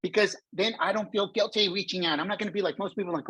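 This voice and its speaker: Guy coaching job seekers on a video call, bit husky, dry close sound, keeps calling everyone folks. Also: high voice, fairly quick, few pauses, no room sound, lo-fi sound. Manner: energetic, addresses the audience as folks, acts out dialogue; speaks standing up. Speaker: webinar presenter and career coach. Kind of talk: motivational webinar talk. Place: indoors, a vacation spot.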